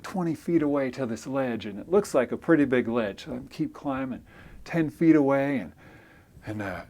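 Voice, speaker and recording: Guy telling a story, chatty, self-deprecating, jumps into different voices for the dialogue, mid-range voice. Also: mid-range voice. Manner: animated, acts out dialogue with shifts in voice; self-deprecating, conversational with fillers. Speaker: storyteller and loan officer. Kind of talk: casual spoken storytelling.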